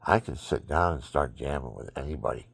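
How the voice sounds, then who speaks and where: A sleepy, exhausted man rambling through a religious monologue into his phone at home, swinging from loud bursts to murmurs. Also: extremely low pitch, animated, fairly quick, vocal fry, slightly rough, dry recording. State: sleepy, extremely tired. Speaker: vlogger.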